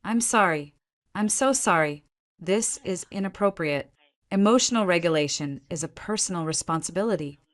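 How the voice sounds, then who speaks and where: Storybook role: a fearful, self-blaming young wife, put on by a woman narrator, low voice, tense and pleading. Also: expressive, moderate pace, close to an everyday voice. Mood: distressed.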